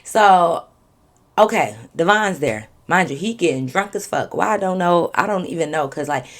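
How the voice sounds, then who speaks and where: A young woman vlogger telling a storytime story in an animated, slangy way full of profanity. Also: lowish voice, normal speed. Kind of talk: storytime vlog.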